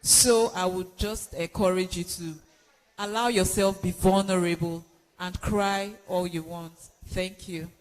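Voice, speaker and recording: A man's voice: high-pitched, fairly even intonation, a little slow. A man giving an encouraging talk who searches for words and restarts his phrases. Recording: long hall reverb.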